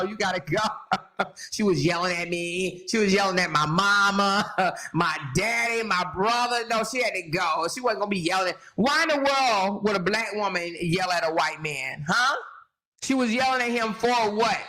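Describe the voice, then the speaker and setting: A woman's voice: a little high, sharp tone. A woman host giving sassy reaction commentary, laughing often and talking straight to her viewers.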